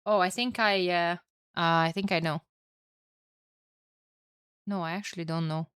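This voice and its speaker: A woman commentating a strategy game alone for her live chat, chatty and excitable, tired and with a headache. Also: lowish voice, measured pace, smooth, no room sound, clean studio sound. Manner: chatty, excitable, swears and laughs at herself. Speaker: esports caster.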